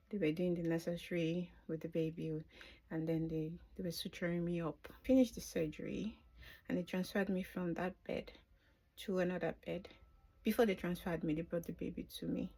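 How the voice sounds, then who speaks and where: A woman's voice: fairly low pitch, fairly even intonation, normal speed, gravelly, mellow. A middle-aged woman telling her own birth story off the cuff in a vlog, emotional, sometimes dropping to a whisper. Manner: emotional, drops to a whisper at tender moments. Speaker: vlogger. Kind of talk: unscripted personal storytelling.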